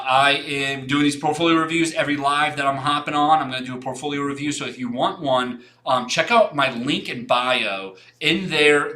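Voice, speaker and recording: A man's voice: mid-range voice, sharp tone. A young man hosting a design livestream, giving frank, rambling portfolio feedback with many restarts and some casual swearing.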